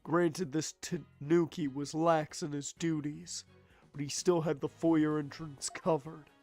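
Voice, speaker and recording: A man putting on a low, mocking samurai prosecutor. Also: little pitch movement, a little slow, a little mellow, faint music behind. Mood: taunting. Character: cold, sneering male samurai prosecutor.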